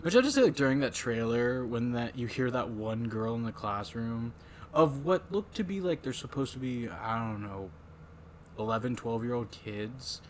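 Animated swearing man on a podcast. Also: mid-range voice, normal speed, a little hiss or hum. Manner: animated, swears a lot, acts out voices. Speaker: podcast host. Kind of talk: casual movie podcast chat.

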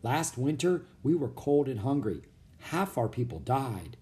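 A man reading aloud, voicing a gentle, brave young Pilgrim woman who speaks in formal, old-fashioned words. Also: mid-range voice, sing-song, unhurried. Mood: sorrowful.

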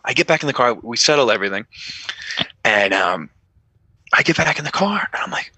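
A New York ex-policeman tells stories on a relaxed podcast, speaking briskly at medium pitch with frequent pauses and a breathy edge. The recording is dry. He curses freely and animatedly plays out the dialogue of the people in his tales.

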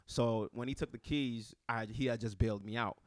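A man's voice: medium pitch, steady tone, moderate pace, dry recording, studio quality. A young man, co-hosting a casual chat and animatedly telling a story, acting out the quotes. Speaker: podcast co-host telling a story.

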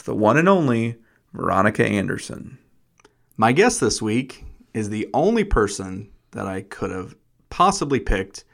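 A man's voice: medium pitch, fairly bright tone. Playful, teasing male podcast host. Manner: playful, teasing, self-deprecating storyteller. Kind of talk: casual podcast conversation.

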